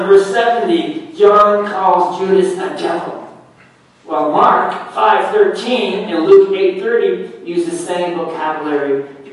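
Slow, echoey preaching man. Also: high-pitched. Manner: slow, emphatic preaching that often drops to a hush. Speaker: pastor. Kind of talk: sermon. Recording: very echoey room, heard from a distance.

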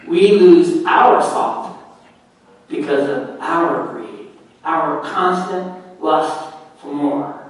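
A male pastor preaching a sermon, slow and emphatic, often dropping to a hush. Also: high-pitched. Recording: very echoey room, heard from a distance.

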